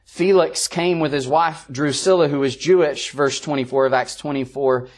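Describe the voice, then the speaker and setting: Male preacher, earnest sermon delivery with repeated emphatic phrases, slightly higher voice. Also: steady tone, moderate pace. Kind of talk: evening sermon.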